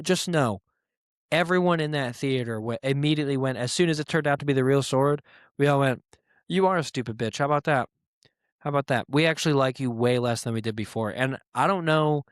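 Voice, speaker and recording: A man's voice: mid-range voice, clear, resonant tone, dry recording. Podcast guy ranting solo, lots of swearing, mid voice, dead dry mic. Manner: profane, exasperated ranting with mocking quoted voices. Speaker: podcast host. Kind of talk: solo comedic rant.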